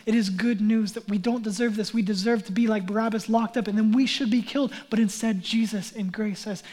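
A male pastor in his thirties giving a sermon, chatting through a family story and then building to earnest emphasis, sometimes dropping to a hushed near-whisper. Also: high voice, fairly even intonation, fairly quick, few pauses. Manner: drops to a hushed near-whisper on key lines.

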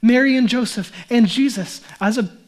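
A man's voice: very high-pitched, normal speed. A man, a pastor, preaching a sermon in a conversational way, often asking and answering his own questions.

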